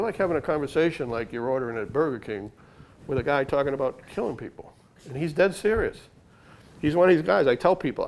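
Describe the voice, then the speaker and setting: A man's voice: medium pitch, slight background noise. An older man, a retired undercover agent telling stories to a library audience in a punchy, conversational way. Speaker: author and former undercover agent giving a library talk. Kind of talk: storytelling talk to an audience. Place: library meeting room.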